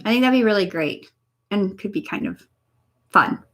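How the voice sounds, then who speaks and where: A young woman giving a spiritual energy reading on a live stream, talking softly and encouragingly to viewers by name from a room at home. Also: medium pitch, animated, moderate pace. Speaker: energy reader. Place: home room next to her computer.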